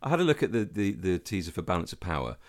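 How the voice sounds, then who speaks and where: Man, podcast host, low voice, lively ups and downs. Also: fast talker. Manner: expressive, enthusiastic questioner. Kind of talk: casual podcast chat.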